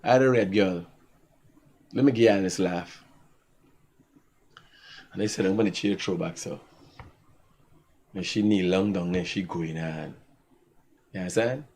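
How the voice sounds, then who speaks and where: A man's voice: deep voice, measured pace, gravelly, pauses often. A man with a Guyanese accent hosting a live talk show, telling stories casually and laughing often. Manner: animated storytelling with frequent laughter.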